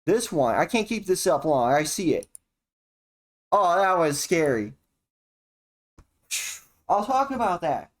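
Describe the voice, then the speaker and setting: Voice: medium pitch, big pitch swings, slow, long pauses. A streamer talking alone in a rambling, erratic and profane monologue, jumping from topic to topic. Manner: erratic, profane and jumpy, with sudden laughs and exclamations.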